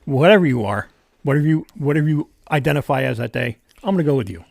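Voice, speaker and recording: A man's voice: on the high side, animated, vocal fry, a little mellow, no echo, clean studio sound. A man co-hosting a podcast, choosing his words carefully in casual chat. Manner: careful, deliberate wording. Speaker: podcast co-host.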